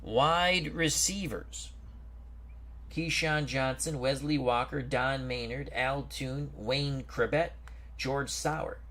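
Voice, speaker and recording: A man hosting a football strategy game stream, reading out team rosters and greeting viewers in a chatty, unhurried way. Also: medium pitch, fairly even intonation, bright, forceful tone. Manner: slow, chatty, greets viewers and stumbles over names. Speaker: host. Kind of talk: casual game commentary.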